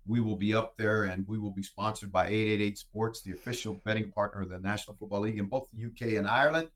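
A man hosting a casual show, telling stories in an animated way and tagging his lines with "right?". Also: lowish voice, fast. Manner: animated storyteller who tags lines with "right?". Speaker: show host answering listener questions. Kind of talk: casual storytelling chat.

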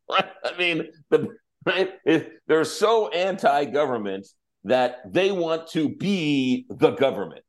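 A man hosting a talk show, chatting about politics in an animated, repetitive, exasperated way. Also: fairly high pitch, slow pace. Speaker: radio talk host. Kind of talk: casual political chat.

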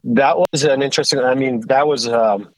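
A man from Sweden, a company executive telling stories casually on a podcast, animated and restarting his sentences often. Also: mid-range voice, moderate pace, dry recording, rough recording. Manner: animated storyteller with frequent restarts. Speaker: guest, tilt rotator company executive. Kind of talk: casual conversational storytelling.

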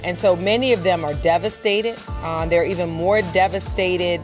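Woman reporter telling it urgent and emphatic, lowish voice, faint music under. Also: steady tone, moderate pace. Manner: urgent, emphatic, with many "like" fillers. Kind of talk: live interview, recounting events.

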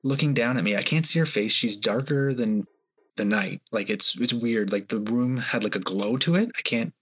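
A man's voice: mid-range voice, lively intonation, moderate pace, a bit bright, husky. A man, a guest on a podcast, tells a personal story in a hesitant, rambling way with many fillers. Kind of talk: storytelling in an interview.

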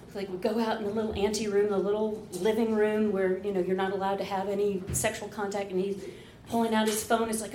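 A woman's voice: mid-range voice, fairly quick. A woman telling a candid, profane personal story on stage, laughing often. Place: stage under bright lights. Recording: echoey live venue with ambient noise.

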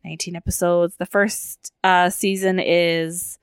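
A woman's voice: on the low side, flat delivery, measured pace, clear, resonant tone, no room sound, clean studio sound. A woman co-hosting a podcast in casual chat, giggly and teasing. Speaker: podcast co-host.

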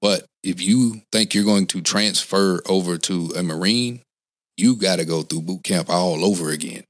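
With a low-pitched voice at normal speed and no echo, a man in his forties, once a Marine, chats earnestly in a casual interview. He rambles, restarts frequently and leans on "you know what I'm saying."

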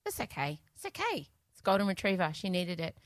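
A woman's voice: lowish voice, wildly swooping pitch, a little fast, dry recording. Chatty Australian woman, dry close mic. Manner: chatty, gossipy, laughs often. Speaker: podcast co-host. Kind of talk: casual chat.

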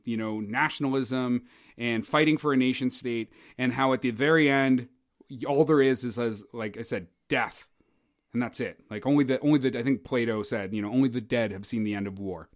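A man's voice: mid-range voice, normal speed. Rambling Canadian podcast co-host, man. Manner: rambling, many fillers and restarts. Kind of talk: casual film discussion.

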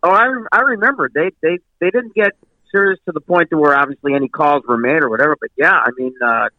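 A man's voice: a little high, fast talker, no echo, highs cut off. A man guesting on a radio show, rambling with many restarts. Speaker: bassist guest. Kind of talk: casual interview chat.

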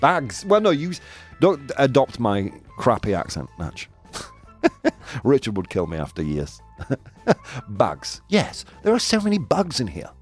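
A Yorkshire man hosting a live-stream quiz, his pitch leaping up and down as he jokes with the chat. He teases and laughs easily, and faint music plays behind him. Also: huge pitch swings, a little slow, long pauses, breathy edge. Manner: playful, laughing, teasing the chat. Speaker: host.

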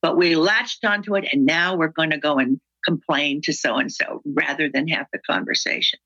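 A woman speaking as a guest on workplace conversations, telling stories and acting out dialogue with lively voice shifts. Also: low-pitched, normal speed, dull audio. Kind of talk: animated storytelling interview.

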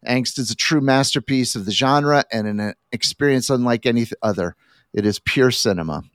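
A man hosting a podcast, reading a prepared film review in a measured, slightly halting way. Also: mid-range voice, a bit bright, no echo, studio quality. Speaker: podcast host.

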